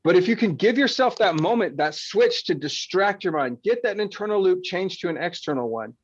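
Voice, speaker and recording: A man coaching calmly and frankly through a stress exercise, sometimes swearing and acting out frustrated thoughts. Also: sits high, normal speed, highs cut off. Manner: frank, swears, acts out frustrated inner voices. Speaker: panel speaker. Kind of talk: casual coaching talk.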